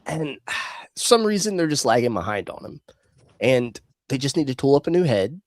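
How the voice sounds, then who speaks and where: A man's voice: medium pitch, sing-song, moderate pace, no echo, clean studio sound. A man co-hosting a toy livestream in casual chat, sighing and exasperated, with lots of fillers. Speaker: toy collecting livestream co-host.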